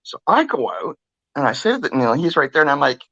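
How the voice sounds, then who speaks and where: Older lady gabbing away, acts out everybody's lines, swears a lot, bright voice. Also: low-pitched, fast talker, dry recording, lo-fi sound. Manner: chatty, animated, acts out quoted voices, swears freely. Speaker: podcast co-host. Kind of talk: casual storytelling.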